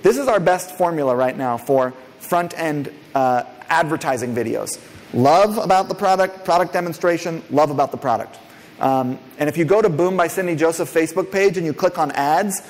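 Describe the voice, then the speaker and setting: A man giving an energetic conference keynote from a stage, often turning to quiz the audience directly. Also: a little high. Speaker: keynote speaker. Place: large conference hall, on stage. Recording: long reverb of a large hall.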